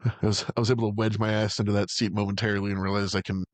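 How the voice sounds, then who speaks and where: Fast-talking man swearing casually. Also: fairly low pitch, level tone, dry recording. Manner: swears a lot, heavy "like" filler. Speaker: podcast co-host. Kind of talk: casual movie-review chat.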